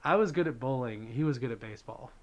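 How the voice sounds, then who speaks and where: This livestream host talks fast and casually, thanking donors and reading viewer comments in a stream of ums and likes. His pitch sits in the middle, the audio has its highs cut off, and the whole thing feels unplanned and easygoing.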